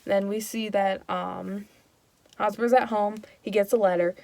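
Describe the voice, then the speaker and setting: A woman's voice: medium pitch, steady tone, measured pace, creaky, warm tone, no echo. A young woman hosting a comic plot summary, talking casually and ramblingly with lots of fillers. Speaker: host.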